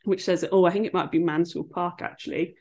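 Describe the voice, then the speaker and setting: A woman chats as a guest on a podcast. Her voice sits fairly low, and she tells long, rambling stories with animated energy, full of asides and restarts. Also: fairly quick. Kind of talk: casual chat.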